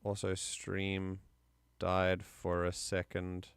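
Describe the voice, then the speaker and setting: A man's voice: low-pitched, completely flat delivery, extremely slow, vocal fry, smooth, no echo. A man streaming live, chatting casually and enthusiastically, often rambling and correcting himself mid-sentence.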